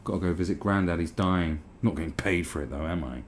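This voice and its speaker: A man's voice: low-pitched, quick pace, a little hiss or hum, voice pushed down, lightly acted. A man voicing a self-pitying partner who grumbles in a grudging tone.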